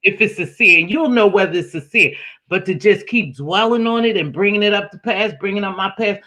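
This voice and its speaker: High, bright-voiced man hosting a chat. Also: a little fast. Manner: reflective, addresses viewers directly. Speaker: host. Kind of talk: casual panel chat.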